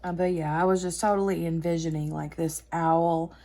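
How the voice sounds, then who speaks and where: A woman's voice: lowish voice, flat delivery, normal speed, warm tone. A woman hosting a craft chat video, telling a rambling story full of fillers and restarts while she works. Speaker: craft channel host.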